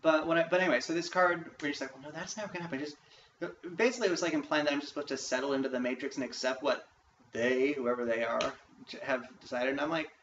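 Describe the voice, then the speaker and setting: A man's voice: medium pitch, steady tone, quick pace, fairly bright tone. A man in a frustrated, profane vlog rant, talking emphatically about his grievances. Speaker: vlogger. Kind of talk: ranting vlog monologue. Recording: echoey room, distant mic, dull faint hiss.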